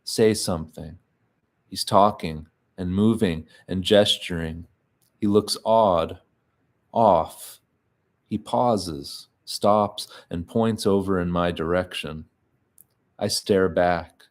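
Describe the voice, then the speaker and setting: A man giving a measured, quiet reading of literary fiction in the first person, pausing often between short phrases. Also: low-pitched. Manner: slow, measured, quiet delivery with frequent pauses.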